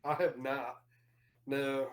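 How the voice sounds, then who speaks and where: A man's voice: medium pitch, flat delivery, takes it slowly. A man telling stories in casual podcast chat, rambling with many fillers and restarts.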